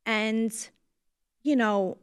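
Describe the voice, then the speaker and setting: A woman's voice: a little high, steady tone, drawn-out words, smooth, no echo. A woman with a New Jersey accent hosting a podcast in casual talk, frank and swearing, holding back tears as her voice drops to near whispers. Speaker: podcast host.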